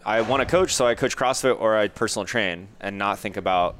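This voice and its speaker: A podcast host with a low-pitched voice in relaxed conversation. He asks long, meandering questions, padding them with fillers. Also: a little fast, slight background noise. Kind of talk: casual interview.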